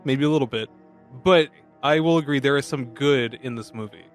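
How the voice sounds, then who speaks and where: A man's voice: medium pitch, fairly quick, faint music behind. A man co-hosting a casual movie podcast, sarcastic and jokey, swearing freely. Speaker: podcast co-host. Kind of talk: casual movie review chat.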